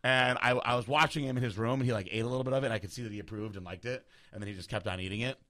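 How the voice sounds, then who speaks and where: A young man hosting a podcast, telling a long story in a casual, animated way, swearing freely and acting out the people he quotes. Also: medium pitch, very fast. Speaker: podcast host.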